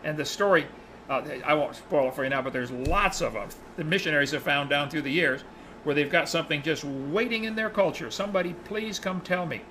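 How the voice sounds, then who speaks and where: A man teaching a Bible study class tells a story with real animation. His voice sits a little high and has a bright, forceful edge. A faint hum of noise runs behind him. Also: brisk, rough recording. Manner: animated, acts out the characters' lines in his retelling.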